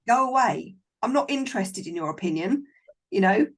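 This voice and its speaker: A woman's voice: mid-range voice, animated, moderate pace. A woman filmmaker, a guest in a casual interview, talking in a frank, encouraging and emphatic way over a video call.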